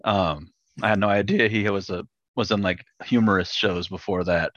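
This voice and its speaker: A male host keeps the chat easygoing and laughs readily. His voice is low-ish but crisp and bright. The recording is dull and lo-fi, with a dry, close sound. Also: steady tone, normal speed, no echo. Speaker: podcast host. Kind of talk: casual interview chat.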